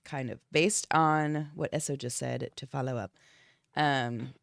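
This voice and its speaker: A woman's voice: very deep voice, steady tone, a little slow, gravelly, no room sound. Stuffy sick woman chatting true crime, dry close mic, cusses a lot. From Florida. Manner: casual, swears freely. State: sick, congested. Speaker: podcast co-host. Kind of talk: casual true-crime chat. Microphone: streaming desk mic.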